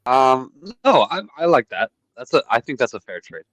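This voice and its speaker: A man playing a tabletop game, eager and quick to agree. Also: mid-range voice, very animated, a bit bright, no room sound. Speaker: player. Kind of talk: casual tabletop play.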